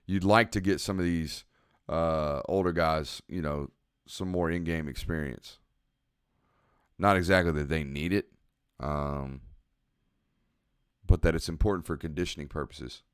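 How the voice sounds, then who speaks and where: A young man, giving relaxed, analytical commentary on a football game as he watches and answers chat on a live stream. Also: very deep voice, measured pace, pauses often, clear, resonant tone, dry recording, clean studio sound.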